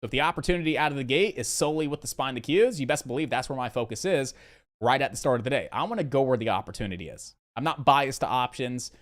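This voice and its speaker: A man's voice: medium pitch, fast talker. A man hosting a live day-trading stream. He answers viewer questions in a loose, rambling way, with lots of fillers, and repeats his key points in lists.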